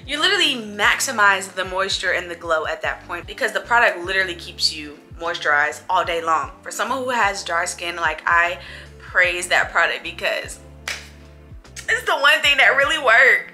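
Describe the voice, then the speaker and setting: Young woman vlogger, bright and playful, casual chat to camera. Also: medium pitch, animated, normal speed. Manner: chatty, playful, talks to viewers as girls. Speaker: beauty vlogger. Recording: faint music behind.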